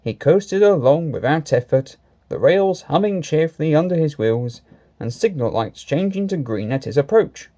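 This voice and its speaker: A man reading a children's railway story aloud, lively and expressive. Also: fairly high pitch, normal speed.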